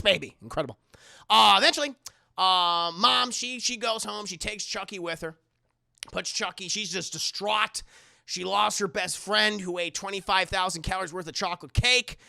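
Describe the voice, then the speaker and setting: A man's voice: high-pitched, gravelly, pushed and bright, no echo, studio quality. A man casually recapping a film on a live stream, rambling and swearing, talking to his chat. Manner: rambling, profane, addresses chat.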